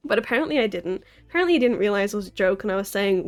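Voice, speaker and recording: A woman's voice: medium pitch, animated, racing. Young woman, American accent, casual stream chat, rambly, giggly, faint music underneath. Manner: rambling, giggly, self-deprecating. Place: apartment room in a city. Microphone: desk mic.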